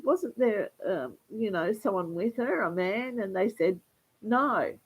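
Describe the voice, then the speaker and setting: A woman vlogger talking in a rambling, halting livestream monologue, often repeating words. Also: a little high, darkish tone, slightly rough, low-quality recording.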